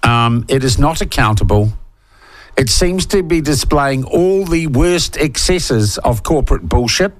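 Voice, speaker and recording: A middle-aged man with a New Zealand accent hosting a talkback radio show, ranting with forceful indignation. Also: a little high, lively intonation, moderate pace, no room sound. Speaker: talk radio host. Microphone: studio microphone.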